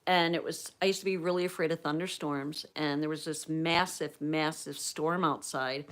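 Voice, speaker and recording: A woman from Pennsylvania hosting a livestream, telling a personal story in a chatty, animated way and acting out the quotes. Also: low-pitched, normal speed. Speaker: livestream host.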